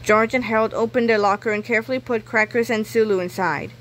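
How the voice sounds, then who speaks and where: Bright-voiced woman reading aloud. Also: fairly high pitch, fast, slight background noise, low-quality recording. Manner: clear, storytelling. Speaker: reader. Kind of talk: children's book read-aloud.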